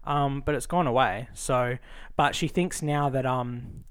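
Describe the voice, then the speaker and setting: A man co-hosting a casual podcast at an ordinary pitch for a man. He talks haltingly, stopping and restarting his sentences and filling gaps as he goes. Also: clean tone. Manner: halting, with many restarts and fillers. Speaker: podcast co-host. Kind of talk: casual chat.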